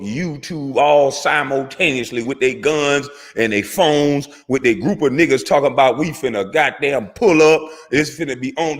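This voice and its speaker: Man, former pro athlete, angry preachy rant full of swearing, mid-pitched voice with long reverb behind it. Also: a bit bright. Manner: heated, profane, preachy, repeats for emphasis. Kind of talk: impassioned rant to camera.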